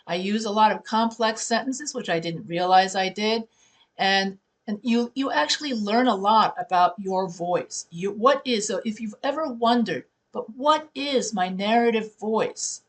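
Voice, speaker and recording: A woman's voice: medium pitch, normal speed. A woman who teaches writing, talking her students through tips in a conversational way and correcting herself as she goes. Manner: conversational, restarts and self-corrections. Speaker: writing professor. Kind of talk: classroom teaching talk.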